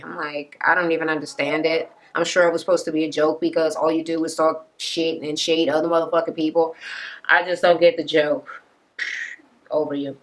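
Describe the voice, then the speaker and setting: A woman's voice: fairly even intonation, normal speed, sharp tone. A woman recapping a reality show in a casual, profane rant, acting out the cast members' lines. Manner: sassy, profane, acts out cast members' quotes in higher voices.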